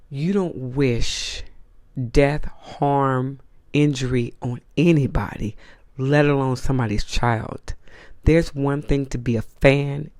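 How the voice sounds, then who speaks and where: A man's voice: mid-range voice, dry recording, clean studio sound. A man hosting his own channel, delivering a blunt, profane, outraged opinion rant to the camera and hammering his points home. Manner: repeats points for emphasis. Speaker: host.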